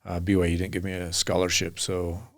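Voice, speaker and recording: A man's voice: sits low, completely flat delivery, brisk. A middle-aged man, a podcast guest, telling long earnest stories in a rambling way. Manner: earnest, rambling anecdotes with acted quotes. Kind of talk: storytelling in a podcast interview.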